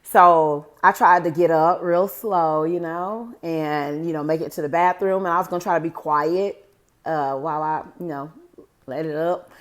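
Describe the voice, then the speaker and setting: A low voice with fairly even intonation and normal speed carries this forties-aged vlogger's personal story. Talking casually to camera, she drifts from point to point and keeps calling viewers "guys."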